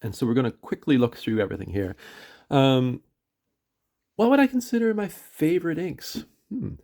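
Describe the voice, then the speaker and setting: Gravelly-voiced Canadian man, rambling vlog. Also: medium pitch, moderate pace, darkish tone. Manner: rambling, hesitant, many fillers and self-corrections. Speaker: pen and ink reviewer. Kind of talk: casual vlog review.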